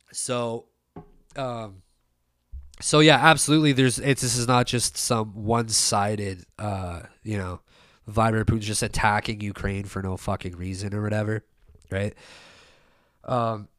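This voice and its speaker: A man's voice: mid-range voice, fairly bright tone, no room sound, studio quality. A young man talking in a loose, rambling monologue, swearing often and circling back with lots of fillers and restarts. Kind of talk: casual opinion monologue.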